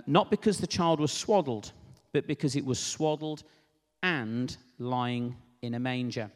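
A man giving a sermon in an earnest, unscripted way, pausing with fillers and restarting phrases. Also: medium pitch. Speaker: preacher. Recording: long hall reverb.

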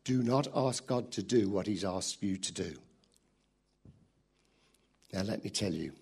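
A man preaching a sermon in a lively, animated storytelling way, acting out voices as he goes. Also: on the low side, unhurried, vocal fry, pauses often, husky.

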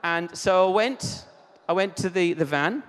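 Preacher, fairly high voice, chatty testimony, echoey church hall. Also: male voice, lively intonation, a little slow, clean tone. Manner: conversational storytelling with asides. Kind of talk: sermon.

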